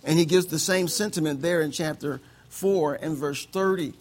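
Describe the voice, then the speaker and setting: A man's voice: a little high, moderate pace. A male pastor preaching a conversational sermon to his congregation, punctuating his points with "amen" and light chuckles. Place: church service with congregation.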